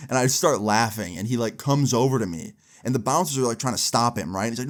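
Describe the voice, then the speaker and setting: Animated young man telling a story. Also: medium pitch, moderate pace. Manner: animated, swears a lot, frequent "like". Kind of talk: casual storytelling.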